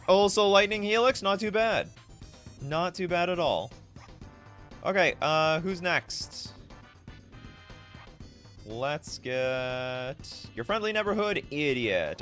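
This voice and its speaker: Animated, bright-voiced male streamer. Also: a little high, normal speed, soft background music. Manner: animated, self-mocking, laughs often. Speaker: streamer reading viewer requests. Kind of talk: casual live-stream chat.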